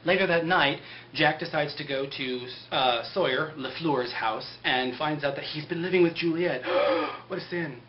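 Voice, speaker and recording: A man's voice: on the high side, a little slow, few pauses. A young man casually recapping a TV episode in a sarcastic, rambling way, full of "like". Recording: muffled lo-fi with faint hiss.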